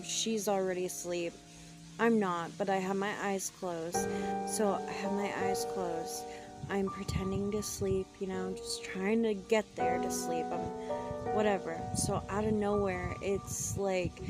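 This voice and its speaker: A woman casually telling a true paranormal story from her childhood, chatty and dropping into whispers for suspense. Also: mid-range voice. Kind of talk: casual first-person storytelling.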